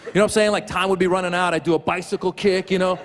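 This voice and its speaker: A middle-aged stand-up comedian rattles off his set rapid-fire, his high voice bouncing around a big room. On stage before a live, noisy, laughing crowd, he animatedly acts out voices and sounds.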